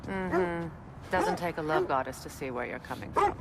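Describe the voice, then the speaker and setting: A wry goddess in a video game, dry and grounded. Her voice sits somewhat low, with ambient noise around her. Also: expressive, moderate pace.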